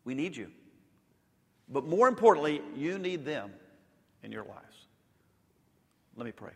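A man's voice: very animated, measured pace, pauses often. Preacher man in a reverberant hall. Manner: swings from loud emphatic peaks to soft intimate lows. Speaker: pastor. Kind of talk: sermon.

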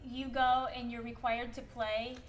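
A woman's voice: a little high, level tone, unhurried, far from the mic. A woman from Minnesota with a Minnesotan accent, giving a chatty piano lesson with playful emphasis and laughing asides. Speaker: piano teacher. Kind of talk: workshop lesson on piano playing.

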